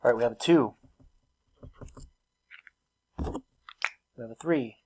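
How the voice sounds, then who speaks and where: A man with a mid-range voice teaches a recorded math lesson, taking it slowly over some background noise. He walks through each step casually, teasing himself and laughing at his own expense.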